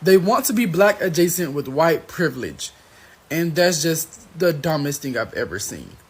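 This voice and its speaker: A man's voice: on the high side, sing-song, moderate pace, husky. A man giving earnest, indignant opinion commentary to camera.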